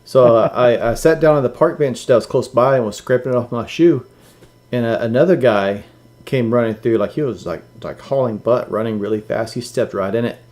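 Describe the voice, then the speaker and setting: A man's voice: medium pitch, brisk, a little mellow. A man co-hosting a live stream in casual chat, who tells a dad joke with a straight face. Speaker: podcast co-host.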